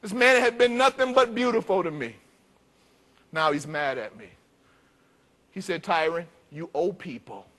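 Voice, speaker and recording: A male pastor from Detroit preaching a storytelling sermon, emphatic, with big swings in pitch and loudness. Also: sing-song, unhurried, long pauses. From Detroit, United States.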